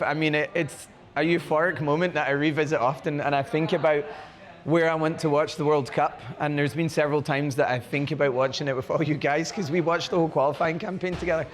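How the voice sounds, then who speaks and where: A man with a Scottish accent, a guest on a casual podcast, telling animated stories and acting out dialogue. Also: fairly high pitch. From Crieff, Scotland. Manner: animated storyteller, acts out quoted dialogue. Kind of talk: casual conversation. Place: bar, live recording.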